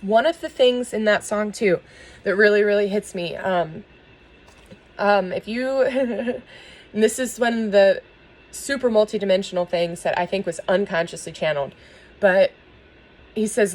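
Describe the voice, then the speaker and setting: A woman giving a spiritual tarot reading and talking earnestly to her viewers, soft and emotional, with small laughs. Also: medium pitch, moderate pace, a little hiss or hum, low-quality recording. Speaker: tarot reader.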